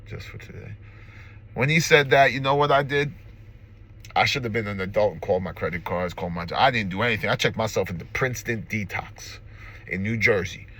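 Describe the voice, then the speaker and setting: A man in his forties talks in a fairly low, tense, forceful voice. He is earnest and emotional, close to tears, and he keeps coming back to the same short slogans. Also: a little fast. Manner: earnest and emphatic, repeats slogans. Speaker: recovery vlogger. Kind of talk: personal testimony to camera. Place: car.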